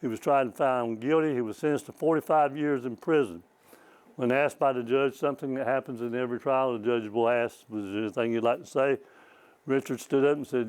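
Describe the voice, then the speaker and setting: A man's voice: medium pitch, normal speed, darkish tone, clear, resonant tone, rough recording. An older man, a former state trooper giving a rambling, folksy presentation at a small library talk, often repeating words as he goes. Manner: rambling, repeats words, chuckles at his own stories. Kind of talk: folksy storytelling lecture.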